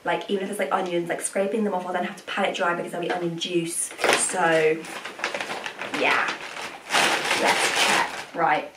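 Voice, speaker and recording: A woman's voice: on the low side, flat delivery, moderate pace, fairly bright tone, roomy sound, slight background noise, low-quality recording. A woman in her twenties talking to camera in a casual vlog. She rants in exasperation, often restarting sentences and trailing off. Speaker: vlogger.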